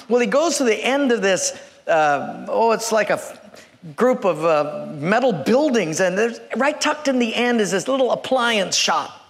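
A male pastor tells the story in a folksy, joking way, chuckling as he goes. His voice sits high for a man. The sound carries a long reverb, as in a church hall. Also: animated, moderate pace, vocal fry, a bit bright. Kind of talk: humorous sermon storytelling.

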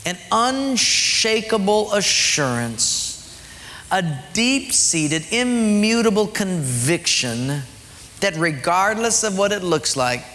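A man's voice: sing-song, takes it slowly. Emphatic male preacher in a reverberant hall. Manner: emphatic, dropping low and quiet for emphasis. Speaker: pastor. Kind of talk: sermon.

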